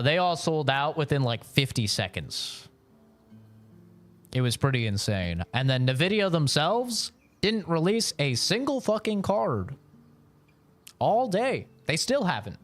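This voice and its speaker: A man streaming live from home, telling rambling stories in casual chat and swearing often. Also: on the high side. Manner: loose, rambling storytelling with frequent swearing.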